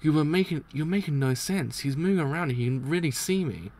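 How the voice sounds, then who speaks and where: A man's voice: fairly high pitch, animated, fairly quick, darkish tone, voice pushed up. A man doing a jittery young underling. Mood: confused. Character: nervous young male underling, confused.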